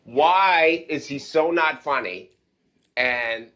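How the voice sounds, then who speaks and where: A man's voice: fairly high pitch, slow pace, pushed and bright, dull audio. A male guest on a comedy podcast, telling crude, profane stories and ranting in casual banter.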